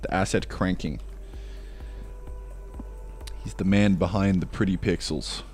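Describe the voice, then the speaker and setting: A man's voice: low voice, steady tone, measured pace, darkish tone, soft background music. A man thinking aloud in casual live-stream chat while he programs, mumbling along with fillers.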